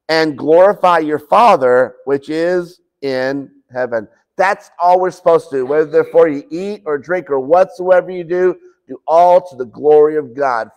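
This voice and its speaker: A pastor gives a relaxed, homey sermon in his church, his voice sitting a touch higher than most men's. He talks in loose, looping sentences, stopping to restart and slipping into little quoted conversations as he goes. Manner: conversational preaching with frequent restarts and quoted dialogue. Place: church sanctuary.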